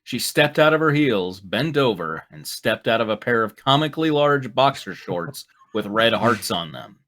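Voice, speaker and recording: A man's voice: medium pitch, big pitch swings, moderate pace, fairly bright tone. A man hosting and narrating a live fan fiction read-through in a playful, joking manner. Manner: playful, breaks to laugh and comment. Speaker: narrator and show host.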